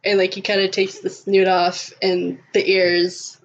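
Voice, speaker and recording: Casting: woman player, unhurried, laughing, rambling, muffled lo-fi recording. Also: mid-range voice, completely flat delivery. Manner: laughs often, many fillers. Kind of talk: narrating a tabletop role-play.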